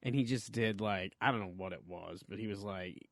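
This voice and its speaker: Rambling low-voiced man, casual host. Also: brisk, creaky, fairly bright tone, dry recording. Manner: rambling, self-deprecating, many fillers. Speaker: podcast host, comedian. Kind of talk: casual chat.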